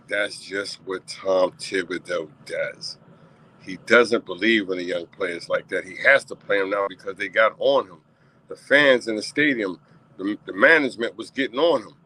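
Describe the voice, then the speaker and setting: A man hosting his own unscripted sports talk stream, passionate and repetitive, his voice climbing toward near-shouting in rants. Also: fairly low pitch, rough recording. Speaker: talk show host.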